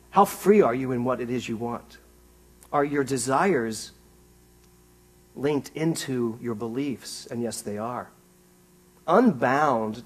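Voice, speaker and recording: Husky-voiced man giving a lively sermon. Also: fairly high pitch. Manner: animated, rising to excited emphasis; asks the congregation questions. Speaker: minister. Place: small theater before a congregation.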